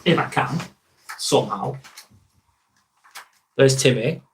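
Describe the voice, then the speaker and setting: A man's voice: medium pitch, expressive, slow, a little hiss or hum. Blunt Lancashire man chatting live. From northwest England. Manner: blunt and candid, swears freely, reads out viewer chat. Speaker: live stream host. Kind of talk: casual live-stream chat.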